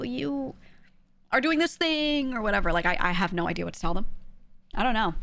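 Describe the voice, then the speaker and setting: Chatty woman streamer with a gravelly edge. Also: lowish voice. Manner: quick, chatty talker; relaxed and conversational, lightly projected for the mic. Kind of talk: casual chat answering a livestream chat.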